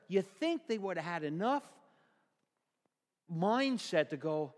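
A man's voice: high voice, sing-song, slow, pauses often, big-room sound. A male pastor preaching a sermon in a church, telling the story vividly and asking the congregation questions.

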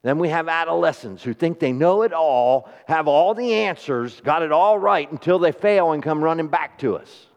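A man preaching a sermon in a church hall, conversational, turning questions to the congregation, swinging from emphatic to soft and slow. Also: a little high, expressive. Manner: rising to emphatic, then drops to soft and slow. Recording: dull sound with long hall reverb.

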